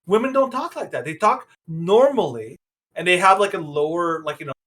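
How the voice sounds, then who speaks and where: High-voiced, emphatic male podcast co-host. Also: lively intonation, moderate pace, fairly bright tone. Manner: opinionated and emphatic, rambling with many restarts. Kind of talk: casual commentary.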